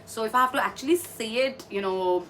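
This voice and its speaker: A woman's voice: mid-range voice, brisk, a bit bright. A woman gives an online pronunciation lesson, explaining patiently step by step and repeating words for practice. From India. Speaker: English pronunciation trainer. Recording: slightly distant mic with faint background noise.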